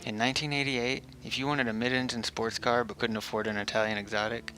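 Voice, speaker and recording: Monotone man narrating car comparison. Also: mid-range voice, fast talker, faint music behind. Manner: self-described monotone, dry humor. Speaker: car video host. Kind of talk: scripted voice-over narration.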